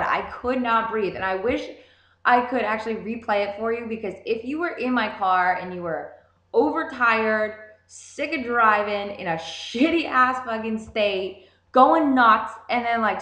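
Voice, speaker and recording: A young woman telling a story in a casual, animated way, swearing constantly. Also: a little high. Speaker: vlogger. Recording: roomy echo.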